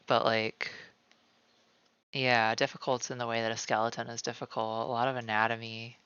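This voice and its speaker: A man's voice: medium pitch, pushed and bright, clear, resonant tone, no room sound, lo-fi sound. A man streaming from home while he draws, rambling casually with lots of "like" and calling himself by name in the third person. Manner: rambling, many "like" fillers. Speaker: streamer drawing live. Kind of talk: casual chat while drawing. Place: at home, cat nearby.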